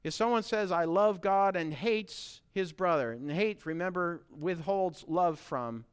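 Earnest preaching man, smooth clear voice. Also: sits high, unhurried. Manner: earnest preaching, repeats phrases for emphasis. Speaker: pastor. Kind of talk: sermon.

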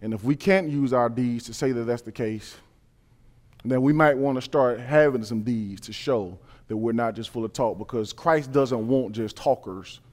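A man preaching a sermon, reading scripture and building to emphatic, repeated points. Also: normal speed. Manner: builds from calm reading to loud, high-pitched emphatic preaching.

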